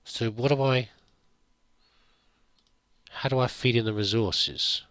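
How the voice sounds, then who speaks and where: A man's voice: mid-range voice, slow pace, fairly bright tone, dry recording. A man giving casual gameplay commentary, chatting to himself and laughing at his own mistakes. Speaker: gameplay video host.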